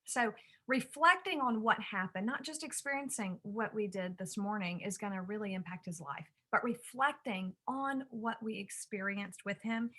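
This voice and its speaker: A woman's voice: mid-range voice, pushed and bright. A woman who hosts a parenting show and writes on parenting, telling a personal story in an earnest, reflective way. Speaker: parenting author and podcast host.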